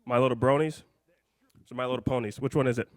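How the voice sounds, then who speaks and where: A man hosting a live call-in show, out of breath, talking in a hyped, jokey, rambling way that swings between loud and soft. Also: mid-range voice, steady tone, quick pace, dry recording, clean studio sound.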